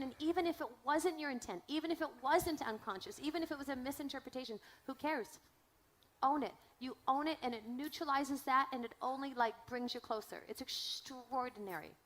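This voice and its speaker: A woman's voice: on the high side, fairly bright tone. A woman speaking earnestly in conversation, stressing key words. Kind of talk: conversation about relationships.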